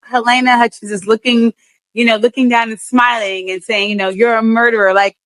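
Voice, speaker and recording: A woman's voice: a little high, level tone, fairly quick, a bit bright, no room sound, low-quality recording. A woman interviewing a guest for a news clip, amused and laughing often. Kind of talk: interview questions.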